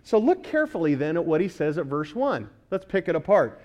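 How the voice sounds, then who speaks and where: A man's voice: fairly high pitch, very animated, a little fast, darkish tone, muffled recording. A male pastor preaching a sermon, often asking the congregation questions and repeating key words for emphasis.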